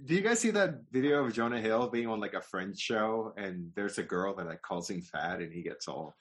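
A man's voice: fairly low pitch, lively intonation, normal speed, fairly bright tone. Rambling, joking man chatting. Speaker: podcast co-host. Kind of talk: casual chat.

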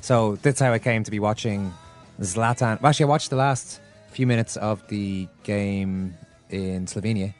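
A man's voice: lowish voice, normal speed, faint music behind. A man from Ireland hosting a football podcast, chatting in a wry, easygoing way. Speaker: podcast host. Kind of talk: casual football chat.

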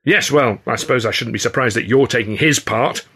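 A man's voice: mid-range voice, a little fast, pushed and bright, breathy edge. A man voicing a resentful male comedian in a stage troupe, whining and nasty as he complains. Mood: aggrieved.

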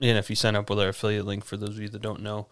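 A man's voice: fairly low pitch, completely flat delivery, racing, smooth. A man co-hosting a podcast, chiming in with short remarks and teasing his partner. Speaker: podcast co-host. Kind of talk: casual podcast chat.

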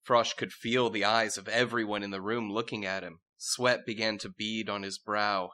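A man narrating a comedic fantasy story in a wry, deadpan way for a podcast. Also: fairly low pitch, normal speed, hardly any pauses. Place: podcast recording with friends.

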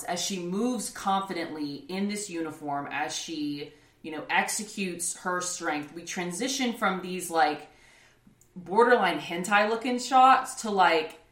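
A woman's voice: fairly low pitch, fairly bright tone. A woman co-hosting a podcast, chatting casually about an anime, rambling with many restarts and laughs. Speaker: podcast co-host. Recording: roomy echo.

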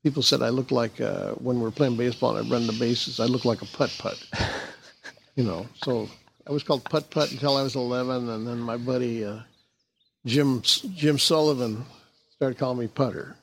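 Older man with a gravelly, halting voice. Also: medium pitch, slight background noise. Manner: halting, full of restarts and fillers, chuckling. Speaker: guest, jazz bassist and former actor. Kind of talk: casual interview chat.

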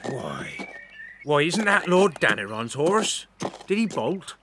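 A man voicing an angry male farmer who yells gruffly from a distance. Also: fairly high pitch, very animated, takes it slowly, noisy background, voice pushed up. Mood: amazed. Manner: yelling, gruff.

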